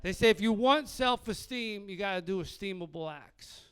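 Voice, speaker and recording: Middle-aged philly guy doing stand-up, high smooth voice, swears a lot, acts out all the characters. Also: expressive, moderate pace, fairly bright tone. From Philadelphia. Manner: brash, profane, acts out dialogue in other voices. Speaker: stand-up comedian. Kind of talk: stand-up comedy set.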